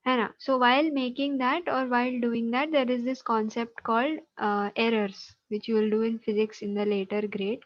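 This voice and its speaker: A female teacher with an Indian English accent patiently explains geometry in an online class, often checking understanding with tag questions. Her voice is on the high side and brisk, with a flat delivery and hardly any pauses, and the sound is lo-fi.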